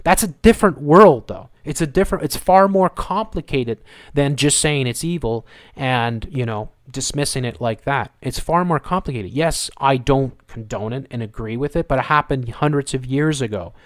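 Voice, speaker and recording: A man's voice: medium pitch, no room sound, clean studio sound. A man hosting a live show, ranting in a heated, argumentative way and swearing as he repeats his points. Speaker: host of a live commentary show. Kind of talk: heated political rant.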